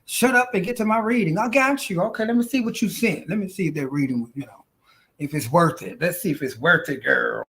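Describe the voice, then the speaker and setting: A woman's voice: sits low, animated, brisk, vocal fry, fairly bright tone. Chatty woman giving live psychic readings. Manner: chatty, calls viewers honey and girl, laughs often. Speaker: intuitive reader hosting a live stream. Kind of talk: casual live-stream chat and psychic reading. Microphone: phone.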